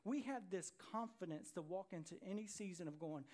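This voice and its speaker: A man preaching a sermon as pastor, telling a Bible story in an animated way and acting out its characters' voices. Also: high-pitched, a little fast, few pauses.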